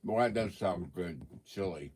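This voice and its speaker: A man's voice: sits low, animated, unhurried, darkish tone, slight background noise. Chatty man eating on a livestream. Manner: chatty, eating and talking with mouth full. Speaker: livestream host. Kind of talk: casual livestream chat.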